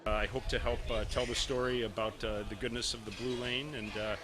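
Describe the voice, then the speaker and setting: A man's voice: mid-range voice, level tone, brisk. A man, an ambassador, speaking hesitantly with many fillers in a news interview clip outdoors. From United States. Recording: noisy outdoor street.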